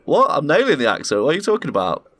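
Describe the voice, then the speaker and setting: A man's voice: fairly high pitch, wildly swooping pitch, rapid-fire, fairly bright tone, no room sound. A middle-aged man, co-hosting a casual podcast and running a quiz, joking and swearing freely. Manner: jokey, playful, swears freely. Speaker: podcast co-host and quiz master. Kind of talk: casual banter. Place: garage.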